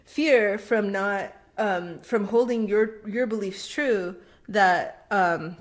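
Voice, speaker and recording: A woman in casual podcast chat, thinking aloud in a rambling, reflective way with quick bursts. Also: mid-range voice. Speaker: podcast co-host.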